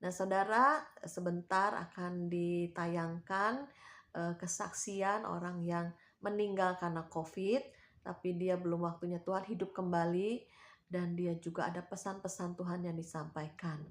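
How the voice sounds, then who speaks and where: A woman's voice: on the low side, fairly even intonation, normal speed. A woman, hosting a devotional channel, preaching and exhorting her viewers and ending her phrases with a coaxing tag. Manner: warm exhorting, tags sentences with "ya".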